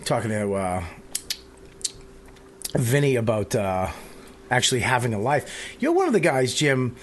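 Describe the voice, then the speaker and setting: A man's voice: medium pitch, big pitch swings, measured pace, slight background noise. A man hosting a podcast, rambling and swearing freely as he chats with friends, laughing often. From Boston area. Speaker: podcast host. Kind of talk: casual podcast banter.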